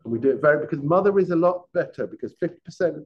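A former police detective giving a conversational masterclass to a live audience, often quizzing them with questions. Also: male voice, a little high, lively intonation, very fast. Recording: dull lo-fi sound.

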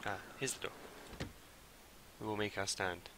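A young man streaming a game live, who swings from mumbled asides to loud, panicky shouts. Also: fairly low pitch, fairly even intonation, unhurried, background noise. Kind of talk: live gameplay commentary.

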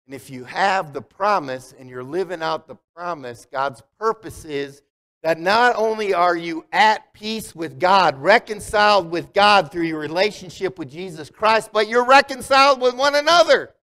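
A man's voice: high voice, animated, moderate pace, sharp tone. A man preaching a conversational sermon as pastor, asking the congregation questions. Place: church sanctuary. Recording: long hall reverb.

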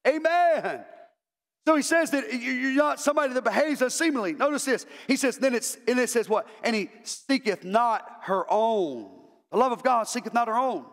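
A man's voice: very high voice, expressive, normal speed, in a large hall. A male pastor preaching an impassioned sermon, repeating words as he builds to emphatic calls. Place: church sanctuary.

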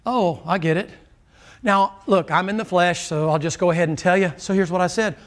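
A man, a pastor preaching a folksy, joking sermon that swings between loud and low. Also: a little fast.

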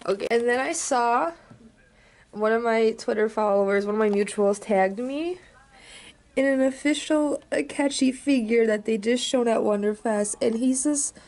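A young woman vlogging casually to a handheld camera, chatty and excitable, sounding tired. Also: on the high side, normal speed. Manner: chatty, excitable, swings between upset and giddy. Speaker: cosplay vlogger. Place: crowded convention restaurant, later a hotel room.

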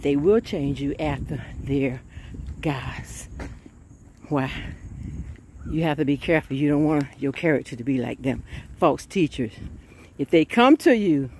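A woman preaching an informal sermon, fervent and chatty, often breaking into laughs and shouted exclamations. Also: sits low, animated, measured pace, pauses often, slight background noise.

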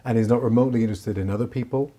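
A man's voice: medium pitch, steady tone, racing, warm tone, slightly rough. A man speaking as a therapist in an interview, reflective, often checking in with "right?". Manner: reflective, frequent "right?" tags. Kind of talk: interview answers.

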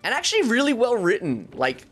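A man hosting a game playthrough, talking in an excitable way and laughing often. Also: very high voice, fairly quick, music in the background. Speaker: gaming video host. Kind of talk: let's play commentary.

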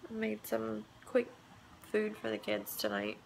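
A woman in her thirties talks softly into her phone camera in a home kitchen, tearful and hushed so she won't wake her sleeping child. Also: mid-range voice, very animated, a little slow, gravelly, slight background noise. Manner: soft, hushed to avoid waking a child. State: tearful, close to crying. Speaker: vlogger, mother. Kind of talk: casual vlog.

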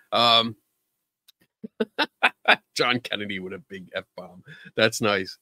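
A man hosts a live show, chatting loosely and poking fun at himself. His pitch swings widely as he jokes along. The sound is dry and close, with no room around it. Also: lively intonation, slow, long pauses, sharp tone, no echo. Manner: joking, self-deprecating, chatty. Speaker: host of a live call-in show. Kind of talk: casual livestream chat.

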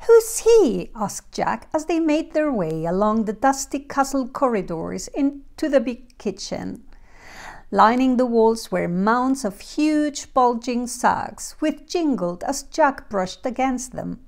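Woman narrating a storybook, slow careful reading, fairly high voice. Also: animated, creaky. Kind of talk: storybook narration for English learners.

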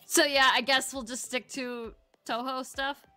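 Female co-host, breezy and profane, bright voice over faint music. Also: high voice, steady tone, a little slow. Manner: breezy, swears casually. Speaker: co-host reading viewer questions. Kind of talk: casual chat.

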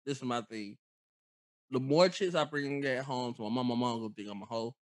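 A man's voice: mid-range voice, fairly quick. A man guesting on a podcast, talking in laid-back, joking slang. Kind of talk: casual podcast chat.

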